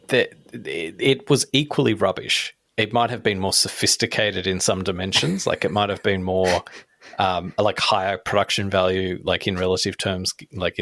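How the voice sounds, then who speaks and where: Rambling low-voiced male podcast co-host. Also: creaky, a bit bright, dry recording, clean studio sound. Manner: rambling, many restarts and tag questions. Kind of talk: casual chat.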